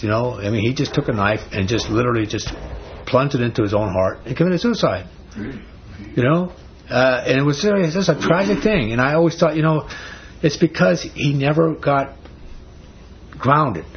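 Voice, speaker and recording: A man's voice: mid-range voice, slightly rough, dull audio. A man teaching a Bible study in a conversational, emphatic sermon style with frequent restarts.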